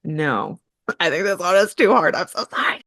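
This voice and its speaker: A woman hosting a casual quiz among family, playful and quick to laugh. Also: fairly low pitch, very animated, fairly bright tone, dry recording, studio quality. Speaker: quiz host. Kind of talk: casual chat.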